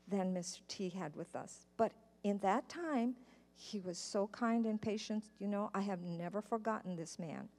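With a mellow mid-range voice, a woman patiently tells a story to children in a church sanctuary and asks them questions along the way. The recording is a church live stream with a long hall reverb.

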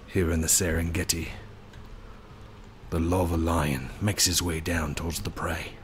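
A man voicing an Australian wildlife documentary narrator in a hushed, measured manner. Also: deep voice, level tone, a little hiss or hum, pitched below the performer's own voice.

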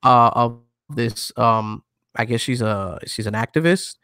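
Blunt, profane man with a gravelly voice. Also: medium pitch, unhurried, sharp tone, no room sound, clean studio sound. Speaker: show host. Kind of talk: casual podcast chat.

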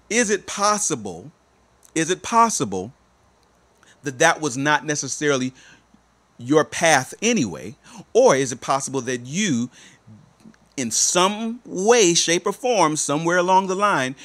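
A male life coach giving a motivational talk to listeners, repeating rhetorical questions and moving between soft, drawn-out phrases and emphatic ones. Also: a little high.

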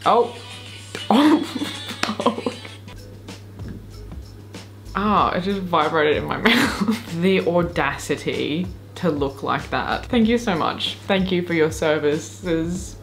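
A woman from far North Queensland with an Australian accent, reacting to clips in an excitable, sweary, giggly way. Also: fairly low pitch, takes it slowly, soft background music. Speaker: YouTuber reacting to videos. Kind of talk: casual reaction commentary.

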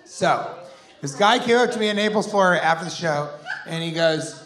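A man in his forties doing a rambling, sarcastic stand-up set, sometimes bursting into shouted put-on voices. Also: on the high side, fairly quick. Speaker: stand-up comedian. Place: comedy club stage before a laughing audience. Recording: roomy live club sound with crowd.

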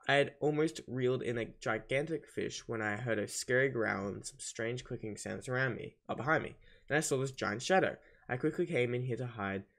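A man's voice: medium pitch, fairly quick, creaky, fairly bright tone. Guy reading as a jittery penguin fisherman. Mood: nervous. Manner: plain read-aloud game dialogue. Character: nervous penguin fisherman hiding from a monster.

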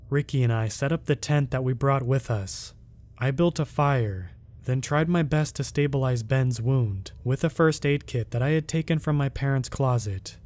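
A man narrating a first-person scary story in a steady, measured way. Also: mid-range voice.

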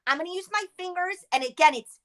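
A woman leading a group through voice and face warm-up exercises on a video call, upbeat and coaching. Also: very high-pitched, lively intonation, fast. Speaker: warm-up leader.

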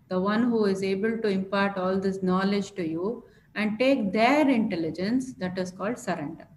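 A woman explaining a scripture word by word in a lecture, pausing often with fillers. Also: medium pitch, a little mellow. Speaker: scripture teacher. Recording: echoey room with faint noise.

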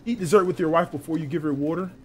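A man's voice: on the high side, fairly even intonation, racing, husky. A young man streaming a game live, commenting in an exasperated, profane way and repeating himself. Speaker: gaming streamer.

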